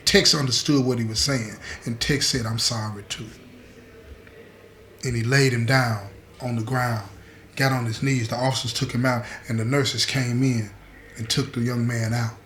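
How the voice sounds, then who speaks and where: A man's voice: echoey room, a little hiss or hum. A man telling a story to his viewers in a streetwise, earnest way, speaking to them directly as "y'all" from inside prison. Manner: drops softer and lower as the story turns grave. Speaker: storyteller host.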